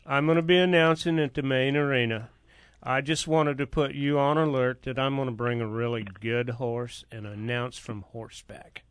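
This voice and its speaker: A man's voice: medium pitch, steady tone, moderate pace, clear, resonant tone, dry recording, clean studio sound. A man co-hosting a radio talk show, with hearty, folksy banter. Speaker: radio co-host.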